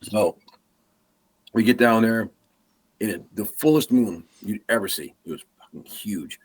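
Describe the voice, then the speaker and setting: A man on a podcast telling an animated hunting story, acting out the lines of the people in it. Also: lowish voice, measured pace, husky. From Massachusetts. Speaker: podcast guest.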